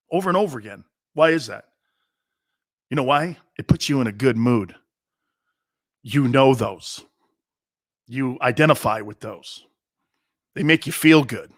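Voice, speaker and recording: Heard in clean studio sound with no room tone, a man in his fifties hosts a sports talk show in a medium-pitched, slightly bright voice. His opinionated monologue features blunt, impassioned storytelling, repeated points, and frequent asides.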